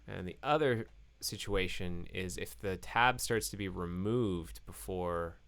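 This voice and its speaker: A low, gravelly male voice that talks slowly while he codes, stopping and correcting himself as he works things out. He sounds like he is losing his voice, and keys clicking can be heard behind him. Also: a bit bright. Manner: halting, full of fillers and self-corrections. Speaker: programmer live-coding host. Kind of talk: thinking aloud while live coding.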